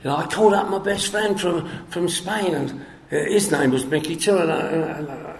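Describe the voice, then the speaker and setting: A man's voice: a little high, moderate pace, echoey room. An older man from England with a London accent, giving a rambling personal testimony at a recovery meeting. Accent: London English. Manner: rambling storyteller, acts out both sides of a phone call.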